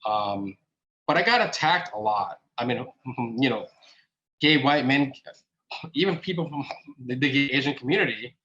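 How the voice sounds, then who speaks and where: A man telling his own story in a relaxed, conversational way, full of fillers and acted-out exchanges. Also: mid-range voice, moderate pace, long pauses, lo-fi sound. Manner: conversational, many fillers, acts out quoted exchanges. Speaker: speaker, app founder. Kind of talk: casual storytelling talk.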